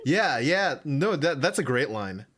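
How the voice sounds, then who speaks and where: Low-voiced woman hosting a stream. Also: big pitch swings, unhurried, a crowd in the background. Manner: playful, laughs along, reads chat. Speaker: stream host. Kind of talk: casual chat.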